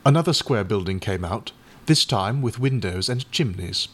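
A man reading a classic short story aloud as an audiobook narrator, in a measured, even storytelling manner. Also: on the low side, husky. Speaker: audiobook reader. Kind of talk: scripted narration.

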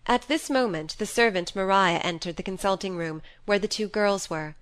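A woman's voice: medium pitch, moderate pace, fairly bright tone, clean tone. Woman reading a classic novel aloud. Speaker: audiobook narrator.

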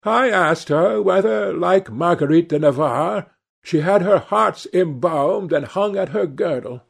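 A man reading aloud and voicing a witty, cynical aristocratic gentleman with a dry, drawling delivery. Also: high voice, expressive, unhurried, vocal fry, breathy edge, voice pushed up, heavily acted. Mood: amused.

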